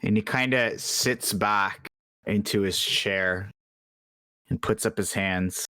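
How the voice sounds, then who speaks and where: A man narrating a tabletop game as game master in an unhurried, casual way. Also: lowish voice, bright, forceful tone, smooth, no room sound, studio quality.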